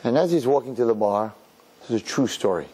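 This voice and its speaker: Animated man telling a sermon story. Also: mid-range voice, quick pace, breathy edge. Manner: animated storyteller acting out characters, Yiddish and Hebrew words. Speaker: rabbi.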